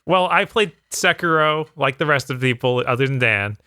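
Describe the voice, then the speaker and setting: Hesitant male co-host, middle pitch, forceful bright voice. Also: lively intonation, no echo. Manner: halting, with fillers and restarts. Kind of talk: casual chat.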